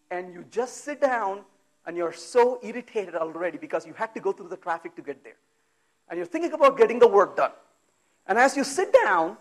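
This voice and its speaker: Speaking in a very high-pitched voice, a conference speaker gives a lively technical talk in a conference hall. Rhetorical questions come rapid-fire, along with exasperated asides he acts out.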